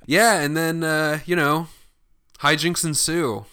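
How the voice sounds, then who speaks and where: Bright, clear-voiced man recapping a film. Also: fairly high pitch, steady tone. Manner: rambling, acts out characters' lines in quick asides. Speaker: podcast co-host. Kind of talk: casual chat recapping a movie.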